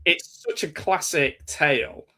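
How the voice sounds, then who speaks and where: A man's voice: a little high, measured pace, sharp tone. An English man co-hosting a casual horror-movie podcast, rambling through his thoughts with self-deprecating jokes. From England. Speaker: podcast co-host.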